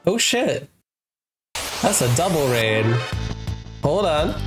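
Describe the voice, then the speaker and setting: An adult game streamer chatting casually with viewers during a live stream, playful and excitable, laughing often. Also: medium pitch, slow, pauses often, over music. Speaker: wholesome RPG game streamer.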